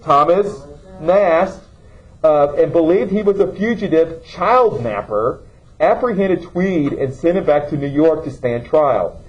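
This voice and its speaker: Male teacher, questioning style, somewhat high voice, lo-fi classroom recording. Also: animated, measured pace. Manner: questioning, checks in with "okay?". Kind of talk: classroom lecture.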